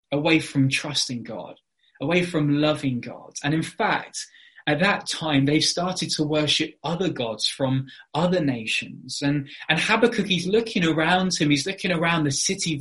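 Earnest man preaching, slightly high voice. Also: unhurried, a bit bright. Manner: earnest, explanatory, with frequent fillers. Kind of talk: sermon.

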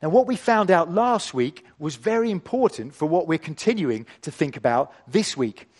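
Expressive male preacher, lively pitch. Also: slightly rough. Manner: expressive, slows down for emphasis. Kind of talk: sermon with scripture reading.

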